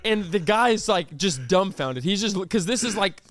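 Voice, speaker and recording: A man's voice: high-pitched, normal speed, no echo, clean studio sound. A young man, a podcast host telling a story casually and animatedly with lots of fillers. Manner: animated, with many fillers and reenacted quotes.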